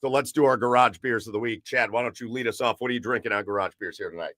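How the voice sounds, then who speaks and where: A chatty man hosts a relaxed sports talk show. His tone is bright and forceful, and he rambles along with plenty of fillers and repeated words. The sound is dry and close, with no room echo. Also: medium pitch, fast talker. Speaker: podcast host.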